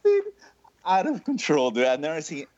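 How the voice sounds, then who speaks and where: Animated man telling a story. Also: fairly high pitch, normal speed, no room sound. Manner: animated, says "dude" constantly. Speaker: podcast co-host. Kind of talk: casual storytelling chat. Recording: slightly muffled dry sound.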